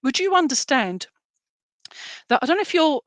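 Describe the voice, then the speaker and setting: A woman's voice: high-pitched, sing-song, normal speed, dry recording. A woman giving chatty, reassuring psychic readings on a live stream, full of fillers. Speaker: psychic reader.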